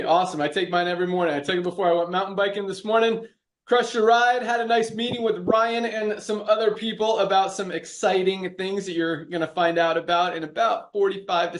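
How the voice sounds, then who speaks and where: Man, fairly high voice, upbeat easygoing casual chat, rambling.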